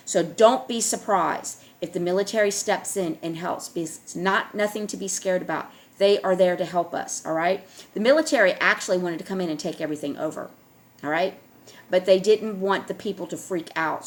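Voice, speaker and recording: Emphatic woman vlogger talking to viewers. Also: on the low side. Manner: emphatic, repetitive, checks in with "all right?". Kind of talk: casual monologue to viewers.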